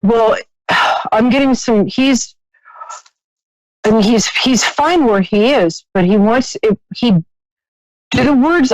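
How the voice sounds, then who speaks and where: A woman's voice: a little high, expressive, slow, pauses often, no room sound, low-quality recording. Chatty woman hosting a psychic call-in show. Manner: chatty, warm-hearted, laughs often, trailing restarts. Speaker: psychic radio host. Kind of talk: live call-in psychic reading.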